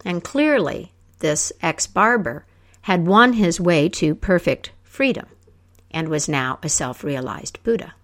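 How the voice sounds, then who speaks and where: A woman telling a folk tale aloud, acting out the characters with lively voices. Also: fairly low pitch, measured pace. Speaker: storyteller. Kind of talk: oral storytelling.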